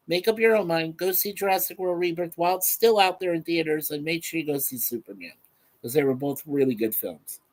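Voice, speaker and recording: A man's voice: a little high, low-quality recording. Rambling, chatty male live streamer. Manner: rambling, chatty, reads out viewer comments, frequent fillers. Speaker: live stream host reading chat. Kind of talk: casual live stream chat.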